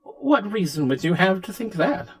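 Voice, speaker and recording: A man voicing a scheming female AI with a polite, quietly menacing manner. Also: high-pitched, very animated, moderate pace, husky, voice pushed up, exaggerated voice. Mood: sly. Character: scheming female AI, smug and falsely sweet.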